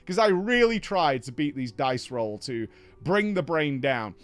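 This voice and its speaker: A man hosting a casual game recap, telling the story with animated energy and acting out lines in other voices. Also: a little high, a little slow. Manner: animated storyteller who acts out quoted lines. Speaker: host.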